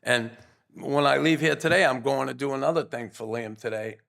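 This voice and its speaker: Older man, gravelly, earnest storyteller, casual interview chat. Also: medium pitch, a little fast, a bit bright. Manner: rambling, earnest, with restarts. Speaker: guest, former pro hockey player.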